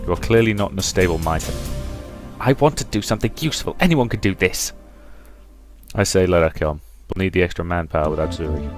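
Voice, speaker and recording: A young man reads a space drama game aloud, taking on each character's lines in turn. His voice sits low, and it jumps up in pitch and loudness for some of the characters. Faint music plays underneath. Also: brisk. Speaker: game let's-player. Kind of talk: reading a visual novel aloud, voicing characters.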